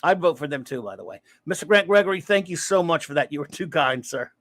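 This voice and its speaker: Chatty higher-voiced man hosting a livestream. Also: animated, quick pace, a bit bright, no echo. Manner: rambling, chatty, greets viewers by name. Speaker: livestream host. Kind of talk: casual live-stream chat, reading chat aloud.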